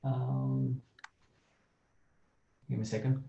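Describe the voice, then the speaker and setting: Give me an informal man hosting an online meetup, with a gravelly voice and roomy call audio. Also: mid-range voice, little pitch movement, takes it slowly, warm tone, highs cut off. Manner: informal and brief. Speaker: meetup host. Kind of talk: casual hosting.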